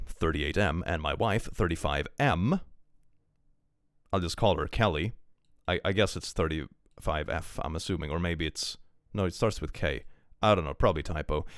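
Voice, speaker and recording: In casual live-stream commentary, a very low-voiced man rambles through his reactions, laughing a lot and reading posts out loud. The sound sits close to the mic, dry and free of room echo.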